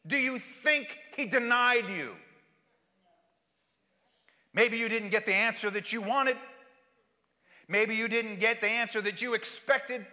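Male pastor, sermon, high voice, rhetorical questions, repetitive emphasis, long church reverb. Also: slow, pauses often, sharp tone.

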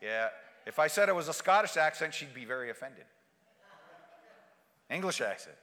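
A man preaching a sermon, swinging from hushed lines to shouted refrains and bantering with his congregation. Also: on the high side, lively intonation, moderate pace. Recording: long hall reverb.

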